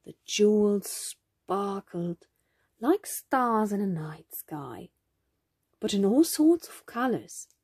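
A woman reads a children's picture book aloud, unhurried and gentle. Her husky voice moves expressively up and down in pitch. The sound is dry and close. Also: sing-song, dry recording. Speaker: storybook reader.

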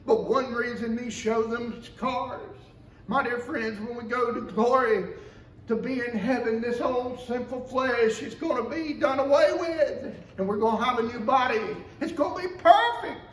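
A man preaching a sermon as pastor in a church, passionate, swinging between loud outcries and low, quiet stretches. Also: a little slow, a little hiss or hum. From Georgia, USA. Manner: impassioned preaching with big swings of pitch and volume. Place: church sanctuary. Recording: echoey church from the mic's distance.

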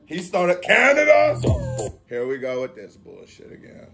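A man hosting a casual reaction video, excitable with loud outbursts, a little out of breath. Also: sits high, a little slow, creaky, over music. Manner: excitable, loud outbursts and chanting between talk.

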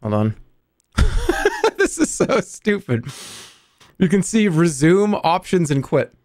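A man in his thirties streaming games live, talking to his chat in an excitable, exasperated way, swearing and breaking into high-pitched outbursts. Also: takes it slowly. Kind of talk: live game stream commentary.

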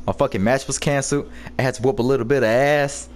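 A man commentating his own wrestling gameplay in casual chat, shouting profane trash talk at the screen. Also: medium pitch, steady tone, fast, hardly any pauses. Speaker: gaming YouTuber.

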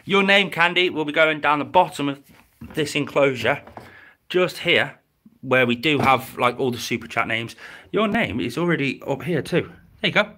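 A man's voice: a little fast, bright, forceful tone. A man chatting casually on a live stream from home beside his reptile enclosures, thanking viewers and cooing at his pets. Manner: chatty and grateful, slips into a high baby voice for his pets.

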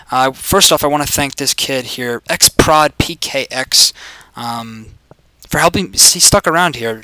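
A man in his twenties giving crude, profane commentary over his gameplay, yelling greetings at other players. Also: mid-range voice, dry recording. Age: 20s.

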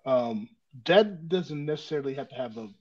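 A man's voice: medium pitch, lively intonation, normal speed, dull audio. A man co-hosting a casual wrestling chat, building his points step by step as he explains.

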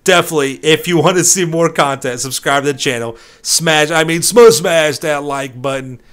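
A man's voice: fairly high pitch, normal speed, fairly bright tone, smooth. A young man giving playful gameplay commentary, hamming up a mock-dramatic story with streetwise slang. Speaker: gaming YouTuber.

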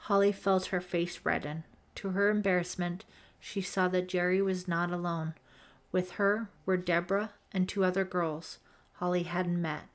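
A woman narrating a teen horror audiobook in a measured, suspenseful reading. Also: lowish voice, fairly even intonation. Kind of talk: scripted narration.

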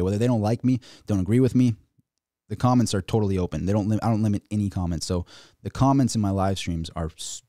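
A man hosting a casual livestream and ranting about the markets, excitable and rambling, with many restarts. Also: low-pitched, dry recording, clean studio sound. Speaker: finance YouTuber.

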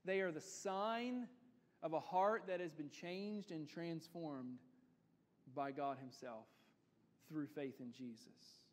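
Guy pastor preaching, high-ish voice, echoey church hall, gets emphatic and repeats stuff. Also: takes it slowly. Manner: earnest preaching, builds to emphatic repetition. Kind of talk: sermon. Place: church sanctuary. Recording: church hall with long reverb.

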